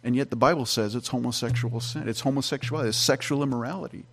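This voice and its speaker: A man's voice: mid-range voice, fairly even intonation, quick pace, slight background noise. A middle-aged man, a pastor, giving a conversational Bible-teaching sermon with frequent restarts and fillers.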